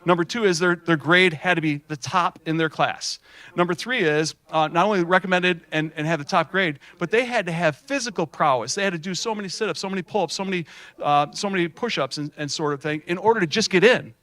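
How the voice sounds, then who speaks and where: Animated folksy man telling stories. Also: high voice, fairly quick. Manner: animated, folksy, many fillers and restarts. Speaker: speaker at a student showcase. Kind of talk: storytelling keynote speech.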